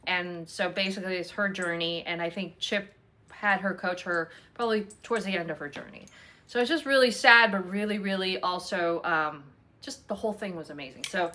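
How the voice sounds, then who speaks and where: A woman's voice: lowish voice, sharp tone, a little hiss or hum. A woman hosting a casual chat at home, talking in a rambling, chatty way with many fillers. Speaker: host.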